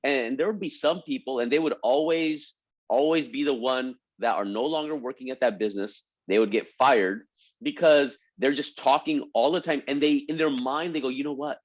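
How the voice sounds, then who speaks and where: A man's voice: mid-range voice, moderate pace. A man hosting an interview, talking enthusiastically and turning to speak straight to his audience. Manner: enthusiastic, addresses the audience directly. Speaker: interview host. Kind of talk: conversational interview. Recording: dull lo-fi sound.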